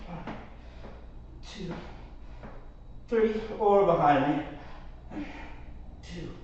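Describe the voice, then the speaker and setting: A man's voice: high voice, very slow, darkish tone, slight background noise. A man teaching a Pilates class while doing the exercises, counting reps and coaching, out of breath at times. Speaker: Pilates instructor. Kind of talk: live workout class instruction. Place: warm studio. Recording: echoey, distant, slightly muffled mic.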